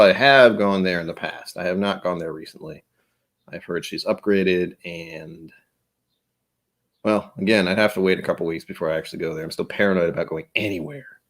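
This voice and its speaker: A man's voice: sits low, a little fast, fairly bright tone. A man hosting a casual livestream, rambling and chatty with frequent laughs, his voice a bit tired. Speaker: livestream host.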